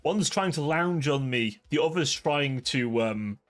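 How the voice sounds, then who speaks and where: A young streamer with a fairly high, bright voice talks to his chat without hurrying, his intonation lively. He giggles, rambles, and laughs at himself, with faint music in the background.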